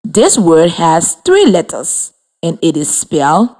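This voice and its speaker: A woman teacher giving a scripted radio lesson to children, encouraging and clear, spelling words out letter by letter. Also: lowish voice, very animated, slow, dark tone. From Liberia. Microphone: radio studio mic.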